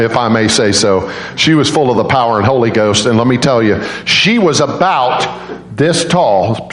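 Energetic male preacher in echoey church. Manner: animated, jumps into high voices for quoted grandmas. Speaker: guest preacher. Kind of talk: storytelling sermon. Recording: roomy church echo.

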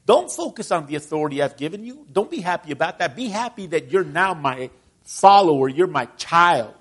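A man's voice: on the high side, lively intonation, brisk, fairly bright tone. Middle-aged man preaching a sermon. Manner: conversational, asks the congregation questions.

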